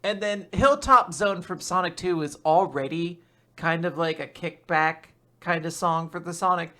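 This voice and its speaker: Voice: medium pitch, moderate pace, sharp tone. A podcast co-host chatting casually, rambling with many fillers and frequent laughs. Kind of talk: casual chat.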